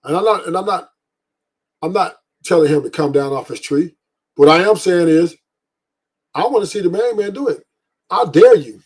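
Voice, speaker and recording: A man's voice: high voice, normal speed, pauses often, darkish tone, slightly rough. A man hosting a livestream, ranting bluntly with profanity and repeated emphasis. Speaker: podcast host. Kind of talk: livestream commentary rant.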